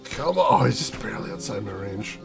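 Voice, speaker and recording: A man's voice: on the low side, animated, brisk, vocal fry, music in the background. A young American man streaming a game, chatting casually and mock-ranting playfully at his chat. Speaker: gaming streamer. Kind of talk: casual gameplay commentary.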